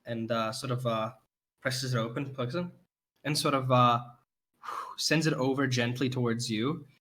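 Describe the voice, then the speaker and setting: A man's voice: medium pitch, steady tone, moderate pace, a bit bright, a little hiss or hum. A male game master narrates a tabletop role-playing session in a loose, rambling way. He fills his sentences with ums, likes and restarts as he goes. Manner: rambling, filler-heavy narration.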